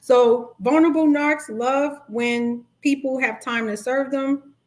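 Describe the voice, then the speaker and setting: A middle-aged woman life coach, talking casually to a live-stream audience and acting out quoted dialogue. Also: slow pace. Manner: chatty, animated, acts out quoted dialogue in high voices. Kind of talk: live-stream talk on narcissistic abuse.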